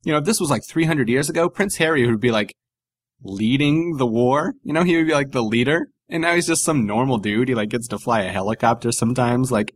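A man's voice: mid-range voice, fairly quick, no echo. A man co-hosting a comedy podcast in casual chat, rambling and swearing with lots of fillers and jokes. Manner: rambling, profane, jokey, many fillers. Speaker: podcast co-host.

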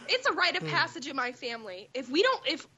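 A woman in her thirties telling stories in casual chat, animated and swearing freely with big laughs, on muffled audio. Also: sits high, fast talker.

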